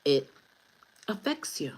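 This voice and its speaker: A woman's voice: slow, darkish tone, low-quality recording. A woman giving a casual spiritual tarot reading to her viewers, rambling loosely, swearing freely and joking as she goes. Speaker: spiritual advisor, tarot reader.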